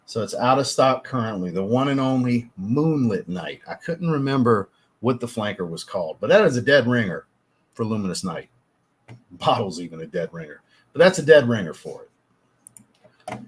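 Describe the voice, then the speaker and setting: Male livestream host, lower voice, slightly husky, relaxed casual chat with viewers. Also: moderate pace. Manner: laid-back, swears casually, chatty asides to viewers. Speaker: livestream host, fragrance reviewer. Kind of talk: casual livestream chat reading super chats.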